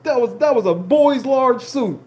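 Brief: stream host, swooping lively delivery, dark mellow tone, laughing and cussing through a story. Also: high-pitched, unhurried, a little hiss or hum. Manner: laughing, profane, indignant retelling. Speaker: livestream host. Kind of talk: animated casual storytelling.

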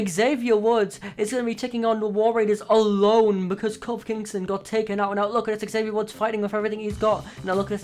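A man, hoarse, calling wrestling matches from a video game in excited play-by-play, full of oaths and sudden exclamations. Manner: exclamatory, frequent oaths and gasps, swings loud and high. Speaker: play-by-play commentator for his own wrestling game.

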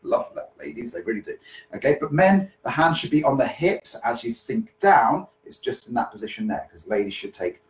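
A man's voice: mid-range voice, very animated, moderate pace, low-quality recording. Chatty male dance teacher checking in. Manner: chatty, repeats "okay?" to check in. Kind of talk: live-streamed dance lesson podcast.

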